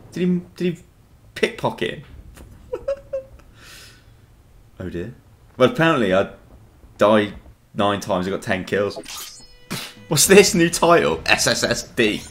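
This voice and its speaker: A man's voice: on the low side, fairly bright tone. A young man giving sweary, grumbling commentary over his own gameplay. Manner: grumbling, swearing, laughing at the game. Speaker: gaming channel host.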